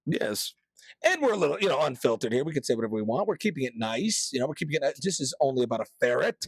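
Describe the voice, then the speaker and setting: A man's voice: mid-range voice, big pitch swings, fast, husky, no room sound. A man hosting a casual podcast, talking in a loose, joking, promotional way. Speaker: podcast host.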